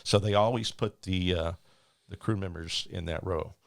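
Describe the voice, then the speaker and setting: Deep, gravelly-voiced man telling a story. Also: normal speed, no echo. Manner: rambling, restarts, animated retelling. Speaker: flight attendant, interviewee. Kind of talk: casual storytelling.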